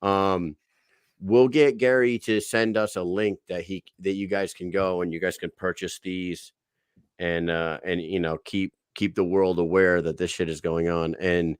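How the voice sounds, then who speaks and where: A man co-hosting a podcast, telling stories in a casual, animated way with lots of swearing and acted-out quotes. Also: low-pitched, measured pace, clear, resonant tone, dry recording, clean studio sound. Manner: animated storyteller, swears a lot, acts out quotes. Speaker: podcast co-host. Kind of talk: casual chat.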